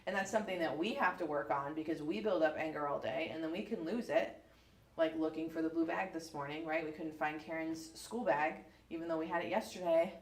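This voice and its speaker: A woman in her thirties from the United States, chatting casually as a podcast co-host, telling stories in an animated way with lots of fillers. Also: sits low, brisk. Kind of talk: casual book club chat. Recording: echoey room.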